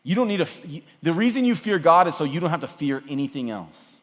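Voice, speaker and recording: A man preaching at a youth camp, energetic and conversational, often repeating himself. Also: fairly high pitch, fast. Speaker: camp speaker. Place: camp meeting hall. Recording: echoey hall.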